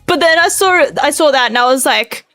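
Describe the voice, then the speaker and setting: A woman with an Australian accent chatting on a live stream, energetic, loud and rambling. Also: sits high, brisk, soft background music, low-quality recording. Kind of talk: casual live-stream chat.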